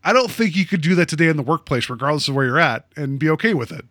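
A man's voice: a little high, no echo, clean studio sound. A man co-hosting a podcast, animatedly discussing a TV episode and laughing as he talks. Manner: animated, slips into quick impressions, laughs. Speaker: podcast co-host.

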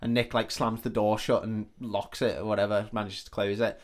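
A man's voice: on the low side, flat delivery, a little fast. A man casually retelling a film plot on a podcast, sweary and rambling, acting out the characters' lines as he goes. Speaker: podcast co-host. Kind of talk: casual film recap chat.

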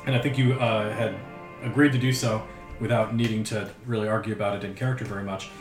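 A man narrating a tabletop game as game master in a relaxed way. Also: lowish voice, fast. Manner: relaxed, with frequent "uh" fillers. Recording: roomy with background music.

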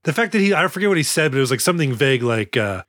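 A man's voice: medium pitch, very animated, racing, fairly bright tone, no room sound, studio quality. Jokey man on a movie podcast. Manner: jokey, acts out movie lines in goofy voices. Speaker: podcast co-host. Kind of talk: casual movie podcast chat.

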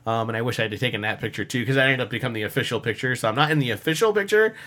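A man on a casual podcast chat, telling animated stories full of fillers and laughs. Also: mid-range voice, very fast. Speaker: podcast co-host, costumer.

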